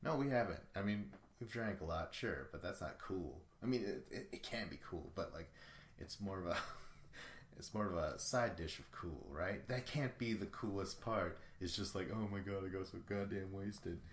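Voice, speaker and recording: A man's voice: sits low, lively intonation, moderate pace, roomy sound, a little hiss or hum. A man hosting a podcast alone, recapping in a casual, rambling way that is full of profanity. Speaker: podcast host. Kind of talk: solo show recap.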